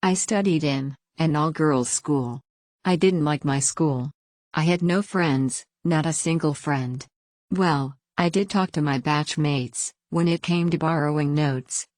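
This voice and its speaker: Female story reader, very low voice, dry close sound, plain even first-person narration. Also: measured pace, no room sound.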